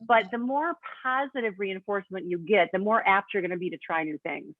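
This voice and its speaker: A woman in her fifties talks casually as a cooking coach, animated as she retells family conversations. Her voice comes over a thin, phone-like video call line with no room sound at all. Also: mid-range voice, fairly quick, no echo. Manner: animated, acts out family dialogue. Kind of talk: casual interview chat. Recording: tinny phone-like line, dry.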